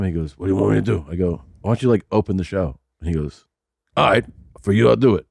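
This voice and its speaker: A man in his forties tells a story on a podcast in a loose, casual way. He slips into other people's voices as he quotes them. His voice sits low, and the sound is dry and close to the mic. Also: quick pace, vocal fry, breathy edge, no room sound. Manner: animated storyteller acting out quotes. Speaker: podcast co-host.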